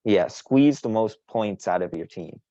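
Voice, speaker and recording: A man's voice: fairly low pitch, animated, unhurried, mellow, no room sound, dull audio. A man co-hosting a casual sports podcast, boastful and teasing, rambling with frequent restarts. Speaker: podcast co-host.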